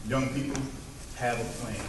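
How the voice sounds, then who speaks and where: A man's voice: medium pitch, fairly even intonation, normal speed, noisy background. A man speaking at his father's funeral, telling stories with emotion and calling out to the congregation. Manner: emotional, storytelling, calls out "Amen". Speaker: son giving a eulogy. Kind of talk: heartfelt funeral speech. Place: church service. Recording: echoey room, mic from far off.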